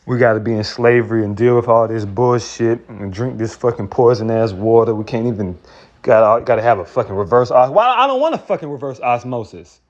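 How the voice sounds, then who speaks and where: A man's voice: medium pitch, animated, brisk, darkish tone. A man preaching in a heated, profane rant, often repeating and restarting words. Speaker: street preacher. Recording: dull lo-fi recording.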